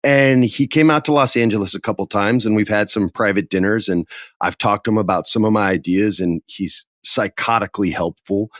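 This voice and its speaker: A man telling a lively anecdote on a podcast, with a dry, close sound. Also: lowish voice, fairly quick, no room sound. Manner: animated, acts out quoted voices. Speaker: podcast guest telling a story. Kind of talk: casual storytelling.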